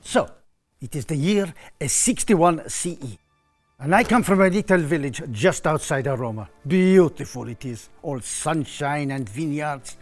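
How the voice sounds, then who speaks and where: A man's voice: on the high side, expressive, a little slow, faint music behind. A man doing a Roman soldier, Italian accent. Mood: storytelling. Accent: put-on Italian. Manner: theatrical, lilting storytelling. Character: weary homesick Roman foot soldier. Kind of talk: educational drama.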